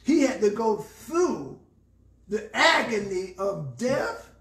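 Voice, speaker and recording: A man's voice: high voice, very animated, slow, fairly bright tone, echoey room, recorded from a distance. A man with a Southern US accent, a pastor teaching a Bible study and preaching, repeating phrases for emphasis. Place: church.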